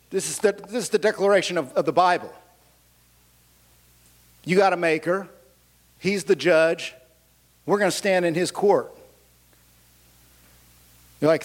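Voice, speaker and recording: A man's voice: high voice, unhurried, pauses often. A man preaching a sermon, telling a humorous personal story with asides and questions to the audience. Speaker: pastor.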